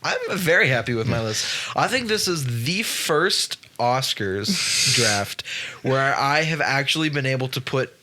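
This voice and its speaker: A man co-hosting a laid-back podcast, reading out his award picks. His pitch sits at an ordinary middle. He trips over names and apologizes sheepishly. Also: expressive, a little slow, few pauses, pushed and bright. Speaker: podcast co-host. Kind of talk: casual chat.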